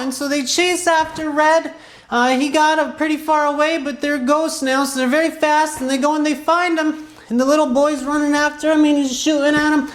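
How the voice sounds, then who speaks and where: A woman's voice: high-pitched, steady tone, normal speed, reverberant. A woman telling an improvised children's story in a clown persona, rambling and playful with asides.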